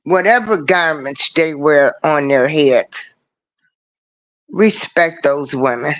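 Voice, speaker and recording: Slow, earnest man hosting a livestream. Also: fairly high pitch, fairly bright tone. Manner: earnest, preachy, repeats his points. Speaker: livestream show host. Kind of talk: casual livestream talk. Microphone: computer mic on a livestream.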